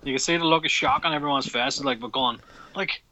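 A man's voice: mid-range voice, brisk, a loud crowd, low-quality recording. A man in his forties from Wexford with an Irish accent, a podcast guest telling stories in easygoing casual chat. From Wexford, Ireland. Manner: easygoing storytelling.

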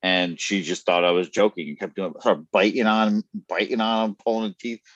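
Deep-voiced, blunt, swearing man. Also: fairly even intonation, normal speed, a bit bright, dry recording, lo-fi sound. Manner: blunt, profane storytelling with laughs. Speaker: podcast guest. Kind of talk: casual chat.

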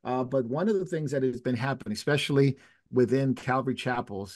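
A man's voice: mid-range voice, fairly quick, darkish tone. A man hosting an informal discussion, talking in a conversational way with frequent restarts. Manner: conversational, many restarts and fillers. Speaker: host. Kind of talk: casual chat. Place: Latin America.

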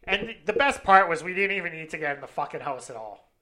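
A man's voice: fairly high pitch, expressive, fast, pushed and bright. A man in a casual chat, telling a story with constant swearing and acted-out quotes.

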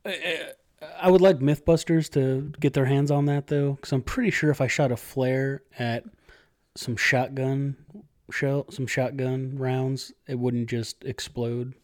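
A man's voice: mid-range voice, fairly even intonation, unhurried. A man co-hosting a podcast, wry and sarcastic, swearing casually while chatting about a film. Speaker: podcast co-host. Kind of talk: casual movie review chat.

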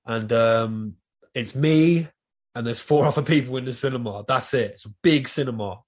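A man in a casual chat, telling stories with lively energy and plenty of swearing and filler words. His voice sits at an ordinary middle pitch for a man. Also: moderate pace. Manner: animated storyteller, heavy swearing, lots of fillers.

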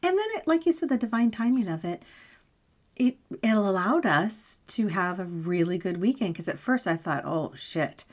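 A woman's voice: mid-range voice, expressive, normal speed. A woman in casual conversation, candid and laughing often, swearing freely as she talks through a personal story. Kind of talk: casual chat.

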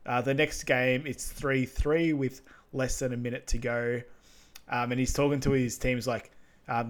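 Relaxed man retelling film scenes. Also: medium pitch, unhurried. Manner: relaxed storytelling, with fillers and laughs. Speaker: podcast co-host. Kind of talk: casual film recap chat.

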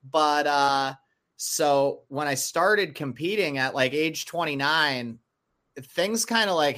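A man's voice: medium pitch, a bit bright. A man in his thirties, a guest on a podcast, telling his story in a rambling casual way full of "like" and "uh". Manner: rambling, lots of "like" and "uh". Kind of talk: casual interview.

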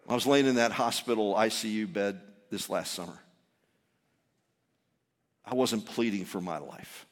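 A man preaching a sermon as a pastor, impassioned, swinging from loud shouts to soft, intimate tones. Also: fairly low pitch, measured pace, pauses often. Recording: long hall reverb.

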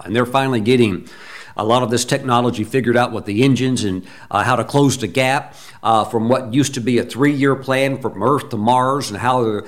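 Male preacher, lively anecdotal sermon delivery, average pitch. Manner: animated storytelling, laughs, bursts of exclamation. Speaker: pastor.

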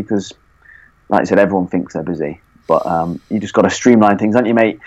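Man, quick lively delivery, teasing, swears casually, dry close recording. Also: sits low, no echo, highs cut off. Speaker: podcast co-host. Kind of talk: casual chat.

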